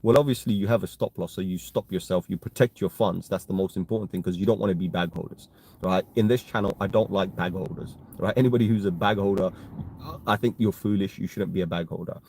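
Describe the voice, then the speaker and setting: A man with a fairly low, mellow voice hosts a relaxed live stream. He talks in a chatty, loose way, calls his viewers "guys" and keeps checking in with a quick "right?". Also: a little hiss or hum. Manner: chatty, tags statements with "right?". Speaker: crypto live stream host. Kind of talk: casual live stream talk.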